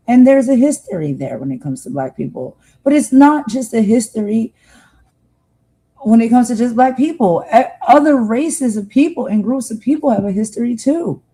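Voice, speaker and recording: A woman's voice: on the high side, warm tone, breathy edge, low-quality recording. A woman from the United States hosting a livestream, talking to viewers in an earnest, heartfelt monologue and often repeating herself for emphasis. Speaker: livestream host.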